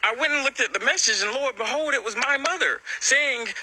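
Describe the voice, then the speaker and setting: A man telling a personal story in an animated, emotional way. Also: extremely high pitch, brisk, rough recording.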